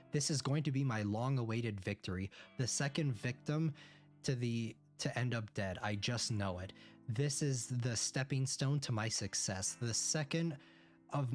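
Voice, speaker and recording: A man streaming a game, reading its first-person narration aloud and breaking off for quick reactions. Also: medium pitch. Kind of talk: reading a visual novel aloud with comments.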